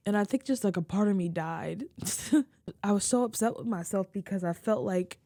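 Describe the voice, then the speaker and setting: A young woman, a video creator, talking through tears in a halting, emotional confessional vlog. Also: mid-range voice, dark tone, no echo, clean studio sound. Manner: tearful, halting, many restarts. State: crying.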